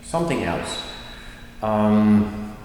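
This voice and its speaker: A male language teacher giving a lesson, saying example sentences slowly and then going through each word. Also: fairly low pitch, sing-song, a little mellow, a little hiss or hum. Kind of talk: slow explanatory lesson. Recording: echoey room with long reverb.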